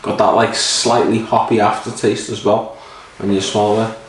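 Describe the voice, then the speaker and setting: A man's voice: lowish voice, little pitch movement, normal speed, a little hiss or hum. A man rambling casually and swearing while reviewing a beer, a little sleepy. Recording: roomy echo, mic at a distance.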